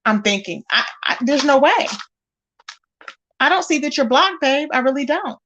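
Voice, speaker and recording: A woman hosts a casual gossip livestream, chatting directly to her viewers and exclaiming often. Her voice sits high and sounds fairly bright and very animated at a moderate pace, though the lo-fi audio has a little hiss or hum.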